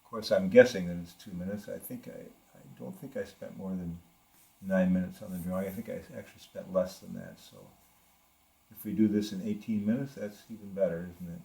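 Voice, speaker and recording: An older man, an art instructor, leads a live watercolor demonstration in a studio with a live model, thinking aloud as he paints. His deep, gravelly, mellow voice stays steady and moves a little fast, and he often trails off and restarts his sentences.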